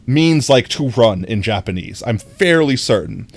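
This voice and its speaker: A man's voice: mid-range voice, animated, a little slow, creaky, slightly rough. A young American man chatting casually on a live stream, reading chat aloud, rambling and often laughing.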